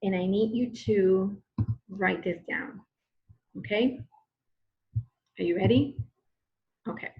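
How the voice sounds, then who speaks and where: A woman's voice: mid-range voice, slow pace, long pauses, muffled recording. A woman teacher giving a recorded grammar lesson, patient and repetitive, often checking in with "okay?".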